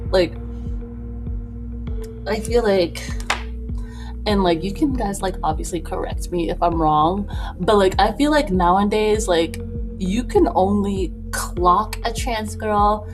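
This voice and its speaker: A young woman vlogging casually while getting ready, rambling with lots of fillers and little laughs. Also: medium pitch. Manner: rambling, filler-heavy, many "like"s; laughs between thoughts. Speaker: beauty vlogger. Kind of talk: casual get-ready-with-me chat. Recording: music playing clearly behind voice.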